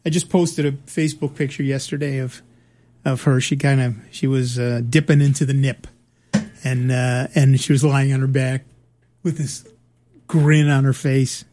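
A man's voice: mid-range voice, level tone, moderate pace, dark tone. Chatty tech-show host, man. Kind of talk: casual chat.

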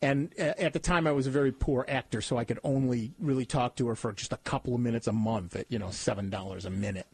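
A man's voice: mid-range voice, fast talker, few pauses, slightly rough, no room sound. A man hosting a radio show, chatting casually and telling rambling, self-mocking stories with frequent laughter. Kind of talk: casual on-air chat. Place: radio studio.

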